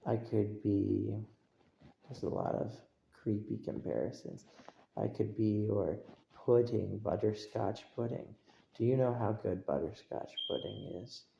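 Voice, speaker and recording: A man's voice: on the low side, a little slow, creaky, warm tone, echoey room, highs cut off, slight background noise. A man streaming, rambling and repeating himself as he keeps asking listeners if they agree. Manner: rambling, repetitive, asks for agreement. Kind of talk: casual livestream rambling.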